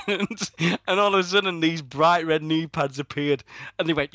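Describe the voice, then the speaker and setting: A man's voice: on the high side, measured pace, bright, forceful tone, dry recording. A British man co-hosting a wrestling radio show, rambling through stories with plenty of swearing and laughing at his own jokes. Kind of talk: casual podcast banter.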